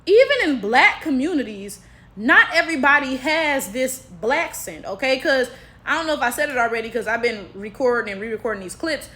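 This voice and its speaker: A woman's voice: sits high, lively intonation, a little fast, bright, forceful tone. A young woman from Detroit with a Detroit African American accent, giving emphatic casual commentary full of rhetorical asides. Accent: Detroit African American English. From Detroit, USA. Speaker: commentary vlogger.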